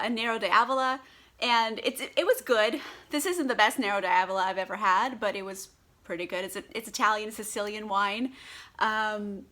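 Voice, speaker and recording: On the high side, this woman's voice comes across pushed and bright. As a book vlogger filming on a tripod-mounted camera, she reviews a book casually while tipsy on wine, chatty, giggling, cursing and leaning on fillers.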